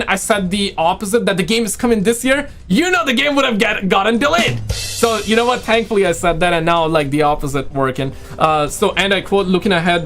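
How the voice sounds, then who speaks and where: A man with a high voice talks excitedly on a live stream, rambling and answering viewers as he goes. He says he is losing his voice. Faint music plays quietly underneath. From Quebec, Canada. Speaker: livestream host. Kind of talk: casual live stream chat.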